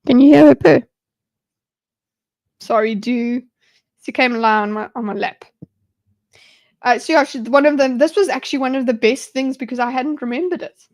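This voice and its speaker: A woman's voice: high-pitched, normal speed, pauses often, darkish tone. A young woman hosting a live stream. She talks in a rambling, enthusiastic way, with lots of restarts and fillers. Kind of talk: casual live-stream commentary.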